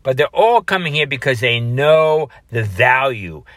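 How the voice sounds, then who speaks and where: A man's voice: mid-range voice, expressive, unhurried, fairly bright tone, no room sound. A man delivering an impassioned political commentary monologue, building long repetitive lists and stumbling into fillers and restarts.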